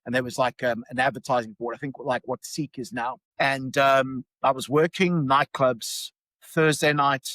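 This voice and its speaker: A man's voice: medium pitch, fairly even intonation, moderate pace, a bit bright, dry recording, rough recording. A man with a South African accent telling a personal story casually, full of restarts and fillers. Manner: rambling, many restarts and fillers.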